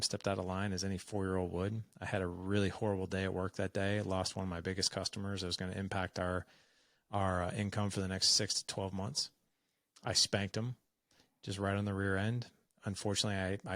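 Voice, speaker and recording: A man's voice: sits low, creaky, a bit bright, dry recording. A man in his forties, a podcast guest, telling a personal story in a frank, conversational way and acting out the dialogue. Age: 40s.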